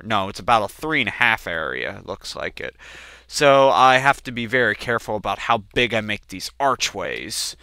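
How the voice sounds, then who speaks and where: Young male gamer host, bright, dry close-mic sound, lively rambling delivery. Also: fairly low pitch, clean tone, no echo. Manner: rambling storyteller, swears casually, jumps to loud outbursts. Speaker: gaming channel host. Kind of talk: casual let's play commentary.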